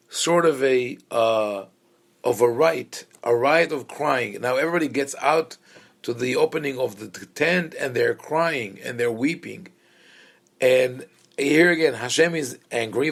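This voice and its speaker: A man, a rabbi, teaching a conversational Bible class to a small group, thinking aloud with many pauses and fillers and making wry asides. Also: medium pitch, vocal fry, fairly bright tone.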